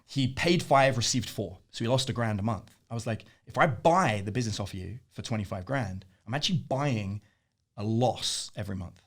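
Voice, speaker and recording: A man's voice: fairly low pitch, moderate pace. A man being interviewed, telling stories casually and acting out the voices of the people in them. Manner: animated, acts out the voices in his stories; swears casually. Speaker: interview guest.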